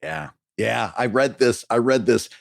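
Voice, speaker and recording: A man's voice: mid-range voice, unhurried, vocal fry. A man co-hosting a podcast, giving emphatic, coaching-style advice in casual chat. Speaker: podcast co-host.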